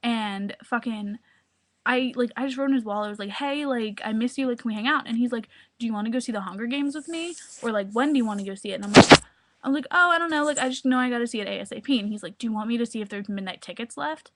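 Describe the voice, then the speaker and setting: A young woman vlogging into a webcam at home, her voice sitting a little high. She gushes breathlessly, stacking one filler word on another. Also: fast. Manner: gushing, breathless, full of filler words. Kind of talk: excited casual webcam vlog. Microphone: webcam mic.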